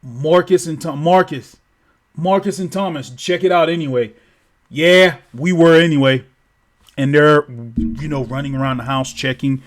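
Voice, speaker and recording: A man's voice: a little high, measured pace. A man telling a story casually, rambling with lots of "like" and swearing freely.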